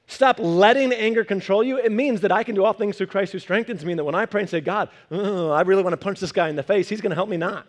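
A young man preaching a sermon in an animated, conversational way, acting out quotes as he goes. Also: sits high, fast talker, hardly any pauses. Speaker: pastor.

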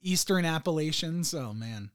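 Eager young podcast host, raised pitch. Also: male voice, lively intonation, a loud crowd. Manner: eager, laughs often, quick interjections. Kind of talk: casual podcast chat.

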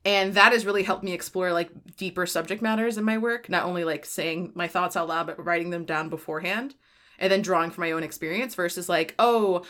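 A woman hosts a podcast in loose, rambling chat, her voice pitched a bit low but with a bright, forceful edge. She laughs easily, swears casually and fills her talk with "like". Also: brisk. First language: Spanish. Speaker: podcast host.

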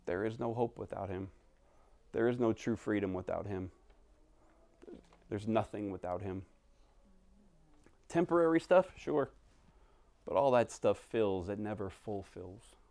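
With a medium-pitched voice and no audible room sound, this thirty-something pastor preaches conversationally, alternating animated bursts with soft, quiet moments.

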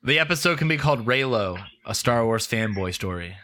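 A man on a podcast, tossing out teasing jokes in a bright, forceful voice. He speaks at a middling pitch in a casual, chatty way. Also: lively intonation, brisk, no echo. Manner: joking, teasing. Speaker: podcast co-host.

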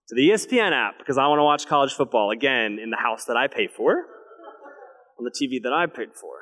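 A young man preaching a sermon to his church, telling a family story with lively storytelling and then dropping into a hushed, intense delivery. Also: medium pitch. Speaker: pastor. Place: church sanctuary. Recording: long hall reverb.

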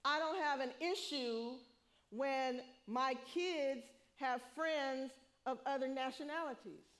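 A middle-aged woman preaching a sermon, lively, laughing often and acting out what people say. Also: high-pitched, slow pace.

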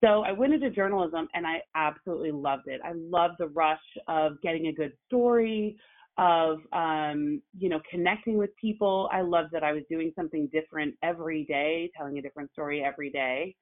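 A woman, an actress and journalist, telling her story as a guest in a casual conversation, animated and full of fillers. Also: low-pitched, fairly quick. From Oklahoma. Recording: phone-like narrow sound.

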